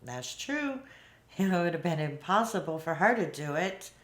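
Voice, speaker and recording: A woman's voice: lowish voice, sing-song, moderate pace. A woman hosting a reaction video, chatting casually and thinking aloud with small restarts. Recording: echoey room sound.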